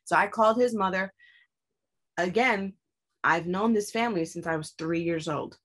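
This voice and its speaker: Blunt, profane young woman telling a story. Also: moderate pace. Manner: candid and profane, acts out her own quoted lines with sharp rises in pitch. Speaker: guest telling her story. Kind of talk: casual storytelling in conversation.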